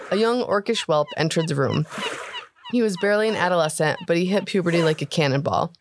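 A woman hosting a tabletop game podcast, giving a steady, expressive story narration. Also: fairly low pitch, fast talker, slight background noise. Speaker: podcast host and story reader. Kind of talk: read-aloud story narration.

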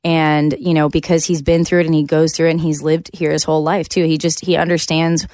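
A candid, chatty woman from Canada with a notably low voice, speaking as a podcast guest in her thirties. She talks freely with lots of fillers. Her voice sounds close and dry, with no room echo. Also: flat delivery, brisk, darkish tone. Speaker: guest, country singer. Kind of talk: casual interview chat.

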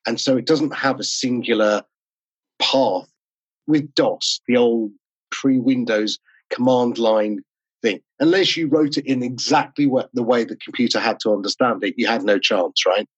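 A man's voice: mid-range voice, husky, dry recording, highs cut off. A man talking on a video call interview, enthusiastic and explanatory. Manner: enthusiastic, explanatory, quick asides. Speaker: podcast host and interview guest. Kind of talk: casual interview talk.

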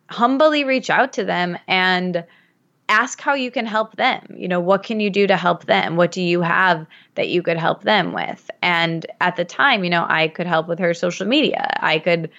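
A woman's voice: on the low side, fairly bright tone, dull audio. Chatty storytelling woman from Michigan. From Michigan, USA. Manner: chatty, storytelling with many fillers. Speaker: podcast guest. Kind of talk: casual podcast conversation.

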